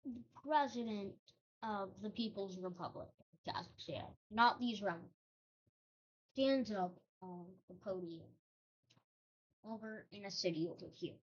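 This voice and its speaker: Woman, casual map narration, hesitant, lots of ums and self-corrections, slow delivery, dull lo-fi recording. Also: medium pitch.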